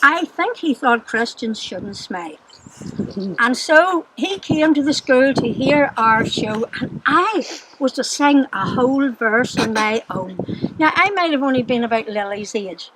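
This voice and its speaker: An older woman with a Northern Irish accent telling childhood stories to children, chatty and quick to laugh. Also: high voice, animated. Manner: chatty storyteller, laughs often. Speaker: storyteller to children. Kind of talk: recounting childhood memories. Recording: noisy background.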